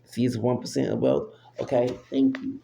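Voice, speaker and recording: A man's voice: medium pitch, fairly even intonation, normal speed, vocal fry, warm tone. A man delivering an unfiltered, profane rant into a phone app, repeating himself and breaking into exclamations. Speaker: vlogger. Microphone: phone app recording. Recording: roomy echo with faint hum.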